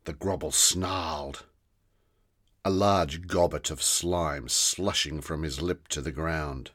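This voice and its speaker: A man narrating a children's fantasy story in a slow, deliberate storytelling manner. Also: extremely low pitch, fairly bright tone.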